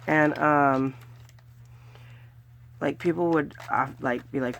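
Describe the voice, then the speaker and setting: Gravelly-voiced woman chatting casually. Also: rumbling low, steady tone, slow, pauses often, a little hiss or hum. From California, US. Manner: chatty, counting money aloud with little cheers. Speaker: budgeting vlogger. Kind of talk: casual narration while doing cash challenges.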